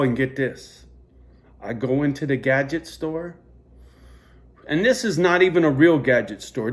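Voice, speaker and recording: A man talks into his phone camera for a vlog, spinning a meandering tale in a swearing-heavy, lively rant. His voice sits at medium pitch.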